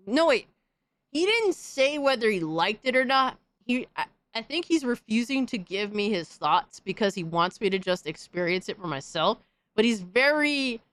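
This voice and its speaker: A woman hosting a stream, chatting casually and reacting with excitable, profane trash talk. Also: on the high side, no room sound. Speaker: streamer host.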